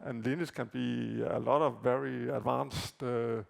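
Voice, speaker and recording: A man whose first language is Danish gives a conference talk, walking through slides in a halting way with frequent fillers and repeated words. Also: mid-range voice, flat delivery, creaky. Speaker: conference presenter. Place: conference hall.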